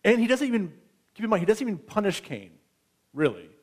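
A man's voice: high-pitched, huge pitch swings, fairly quick, slightly rough. A man in his thirties preaching a sermon in a conversational way, often checking in with his listeners. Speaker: pastor.

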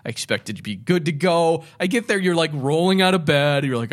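A man's voice: on the high side, expressive, fairly quick. A young man from Minnesota co-hosting a casual chat, teasing his friend and joking as he chimes in.

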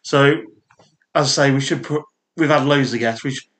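A man's voice: mid-range voice, moderate pace, fairly bright tone. A man with a Yorkshire accent co-hosting a podcast in casual chat. He laughs often and talks in rambling asides. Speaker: podcast co-host.

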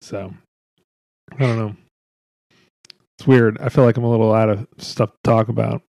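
A young man hosting a casual podcast chat, rambling and swearing freely, breaking into quick impressions. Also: lowish voice, steady tone, creaky, warm tone, dry recording. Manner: rambling, profane, laughing, doing quick voices. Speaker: podcast host.

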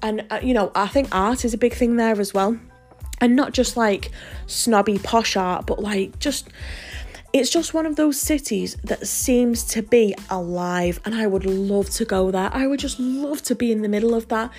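A woman's voice: fairly high pitch, normal speed, darkish tone, soft background music. Chatty, dreamy young woman vlogger. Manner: chatty, dreamy and enthusiastic, with many restarts. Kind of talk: casual chat to camera.

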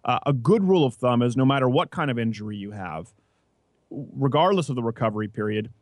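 A man hosting a casual political talk show, brash and mocking, talking fast. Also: mid-range voice, expressive, dry recording. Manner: brash, quick, mocking, with put-on voices. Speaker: podcast host.

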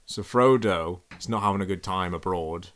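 A man on a podcast, pitching a silly movie idea in a laid-back, rambling way. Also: normal speed, fairly bright tone. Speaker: podcast co-host. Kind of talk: casual comedic chat.

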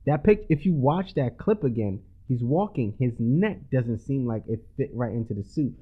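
Excitable jokey podcast man, phone-thin sound. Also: medium pitch, moderate pace, slightly rough, narrow, tinny audio. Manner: excitable, jokey, laughs often. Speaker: podcast co-host. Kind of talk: casual movie chat.

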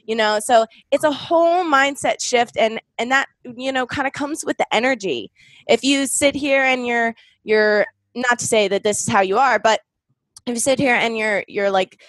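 A woman's voice: a little high, moderate pace, no room sound, poor audio. Hyped, swearing woman in a dry room. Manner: energetic, emphatic, swears freely. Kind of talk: casual motivational chat.

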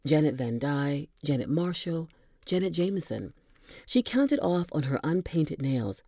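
A woman narrating a story in a measured, expressive audiobook style. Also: low voice, dry recording, clean studio sound.

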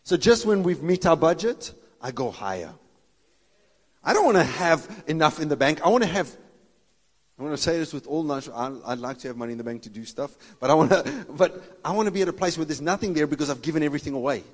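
A male pastor delivers a sermon with a slightly high voice, joking, laughing and acting out Bible dialogue in voices. His words ring with the long reverb of a large hall. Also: expressive, fairly quick.

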